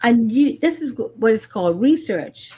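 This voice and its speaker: A husky, fairly high-voiced woman talks in a lively casual chat. She is a middle-aged paranormal investigator who tells stories by acting out what people said to her, with the odd swear word. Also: moderate pace. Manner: animated storyteller, swears, acts out dialogue.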